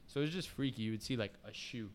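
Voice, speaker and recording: A man's voice: medium pitch, fast, a little hiss or hum. A young man in casual chat, telling a story in a laid-back, slangy way. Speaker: friend in group chat.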